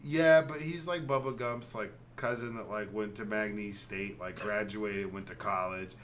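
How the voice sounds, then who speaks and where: A man hosting a podcast, joking loudly, swearing and laughing in casual chat. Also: on the low side, fairly even intonation, normal speed. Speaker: podcast host.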